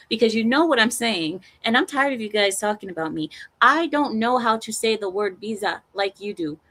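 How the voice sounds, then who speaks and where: Woman streamer chatting with chat, teasing and animated, laughs a lot. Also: fairly high pitch, moderate pace, hardly any pauses. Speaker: livestream host. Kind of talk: casual live-stream chat.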